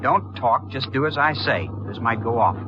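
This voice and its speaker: A man's voice: medium pitch, animated, moderate pace, background noise, close to an everyday voice. An actor playing a desperate young male robber in a 1950s radio drama, hard and bullying. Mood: menacing. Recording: dull old radio broadcast.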